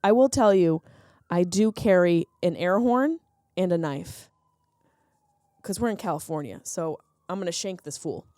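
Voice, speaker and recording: Animated, sarcastic woman podcaster. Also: lowish voice, measured pace, no room sound, clean studio sound. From Sicilian heritage, lives in Los Angeles. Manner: animated, sarcastic, jumps into silly voices. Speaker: comedian and podcast host. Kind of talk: comedic podcast monologue.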